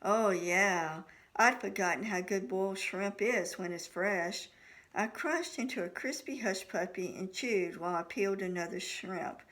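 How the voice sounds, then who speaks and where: A woman's voice: medium pitch, a little slow, a bit bright. Woman reading her own novel. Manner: first-person storytelling that voices each character's dialogue. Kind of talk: audiobook narration.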